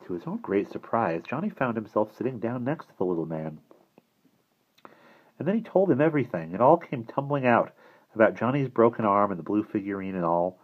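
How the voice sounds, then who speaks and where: A man with a husky voice narrating a children's novel in a lively storytelling manner. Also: on the low side, fairly quick, narrow, tinny audio. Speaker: audiobook reader.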